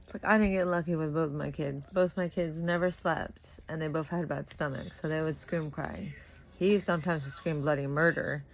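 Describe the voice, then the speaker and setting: At home with a toddler nearby, a young woman vlogs casually about her two small children. Her low, gravelly voice holds a steady tone at normal speed, and she sounds exhausted from little sleep, rambling, scattered, and correcting herself. The recording is rough.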